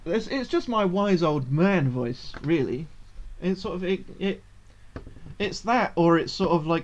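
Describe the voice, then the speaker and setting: A man's voice: high-pitched, lively intonation, measured pace. Guy streaming a game, reads the text out in a narrator voice, bit muffled, faint hiss behind. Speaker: gaming streamer. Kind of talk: playing a game aloud, reading its text.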